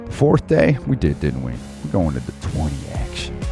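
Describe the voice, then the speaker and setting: A man's voice: very deep voice, huge pitch swings, moderate pace, mellow, faint music behind. A man hosting an online Bible study, ranting heatedly and rambling in slang, laughing to himself between points. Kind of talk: casual ranting commentary.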